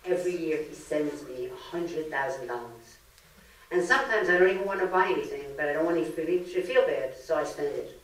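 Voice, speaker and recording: A woman's voice: sits low, fairly quick, close to an everyday voice. Lady playing a smug old mom showing off about her kid, echoey room from far off. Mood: bragging. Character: boastful elderly mother bragging about her son. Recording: echoey hall from far off, faint noise.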